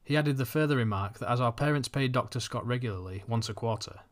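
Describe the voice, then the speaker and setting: Guy reading a story aloud, steady measured pace. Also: mid-range voice. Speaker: audiobook reader. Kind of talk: audiobook narration.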